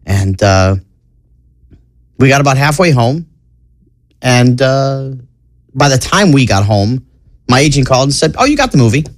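A man from New York chats as a podcast guest and tells long stories. His voice sits at a middle pitch, recorded close and dry. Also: a little slow, long pauses, no room sound. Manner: chatty, tells long anecdotes. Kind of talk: casual interview storytelling.

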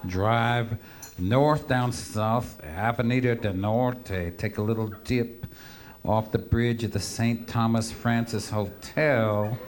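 Performing live, this storyteller spins profane, meandering tales with a wry, offhand air. His mid-range voice holds a steady tone and he takes his time, with slight background noise in the recording.

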